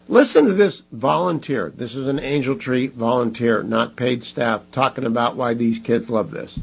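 A man's voice: medium pitch, vocal fry, breathy edge, low-quality recording. A man hosting a talk radio show, speaking emphatically and pressing listeners to give. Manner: emphatic, pleading and scolding listeners.

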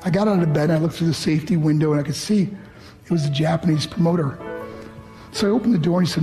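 A man's voice: on the high side, fast, dark tone. A man from New York giving an emotional motivational speech to students, telling his story earnestly and acting out the voices he quotes. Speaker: motivational speaker. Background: background music.

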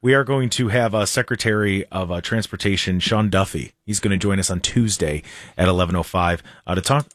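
A man's voice: deep voice, a bit bright, dry recording, clean studio sound. A man hosting a radio talk show, chatting casually and often restarting his sentences. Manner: chatty, halting, starts sentences over. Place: radio studio. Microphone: studio microphone.

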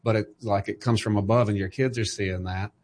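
A middle-aged man hosts a casual podcast conversation about faith, with a lowish voice that barely rises or falls. He speaks in a measured, reflective way. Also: steady tone, a little mellow, slight background noise. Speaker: podcast host.

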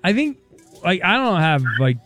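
A man with a fairly high voice hosts a radio show with brisk, jokey energy and reads out listener messages. Faint music plays under his talk. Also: sing-song, a bit bright. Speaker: sports radio host.

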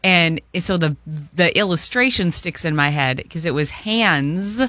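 A co-host on a morning radio show in a studio, tossing in wry quick quips and trivia. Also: medium pitch, animated, bright, forceful tone, dry recording. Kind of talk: casual radio banter.

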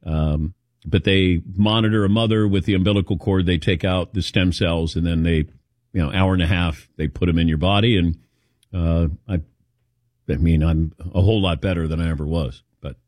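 A man's voice: deep voice, fairly even intonation, normal speed, a little mellow, no echo. A man hosting a casual chat show, telling rambling personal stories. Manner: rambling anecdotal storytelling. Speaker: host.

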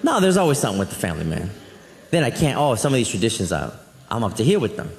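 A man doing a stand-up comedy set on a club stage, telling family stories in an animated way and acting out relatives in quick voices. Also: on the low side, vocal fry, noisy background. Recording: roomy live venue with reverb. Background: audience laughter.

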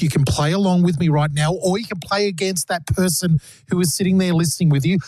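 A quiz host runs the segment with an upbeat, teasing delivery and keeps repeating the choices. The voice sits at a middle pitch. It is recorded close and dry in a studio, with no room sound. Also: darkish tone, dry recording. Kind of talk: playful radio-style quiz hosting.

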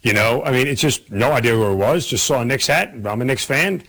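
Fast-talking man hosting sports radio. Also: medium pitch, lively intonation, a bit bright. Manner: quick, chatty, takes calls. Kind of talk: casual radio chat.

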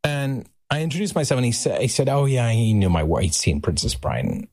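Animated storytelling man, husky voice. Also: mid-range voice, brisk, dry recording. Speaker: podcast guest telling a story. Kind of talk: anecdotal storytelling.

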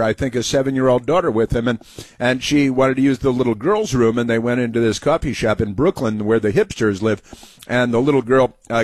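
A man's voice: mid-range voice, dry recording. A man hosting a political talk show, rambling and sarcastic, with many fillers and asides. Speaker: radio talk host.

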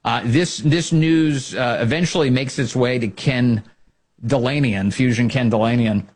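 A man's voice: medium pitch, unhurried, a little mellow. A man hosting political commentary, sarcastic and mocking, slipping into quoted put-on voices.

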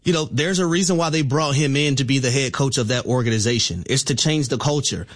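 A man's voice: medium pitch, a little fast. A man co-hosting a sports talk radio show, arguing his points emphatically with stats. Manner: emphatic, stat-heavy argument.

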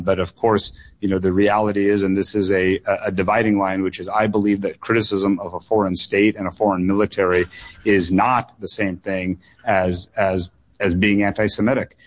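A man running for state office, answering radio interview questions earnestly, with frequent fillers and repeated words. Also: sits low. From United States. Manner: earnest, repetitive phrasing with many fillers and doubled words. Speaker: political candidate guest.

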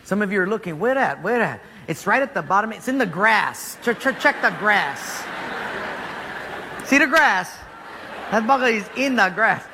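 A man preaching a sermon, retelling a story in a joking, animated way, in a church hall. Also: sits high, moderate pace, background noise.

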